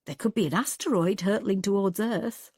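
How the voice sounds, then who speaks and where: A caring woman friend speaks in a lifted, upbeat voice meant to comfort, as a woman narrator puts her on. The sound is mellow and close, with a dry finish. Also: mid-range voice, moderate pace, slightly rough, no room sound. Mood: reassuring. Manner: light, upbeat, reassuring.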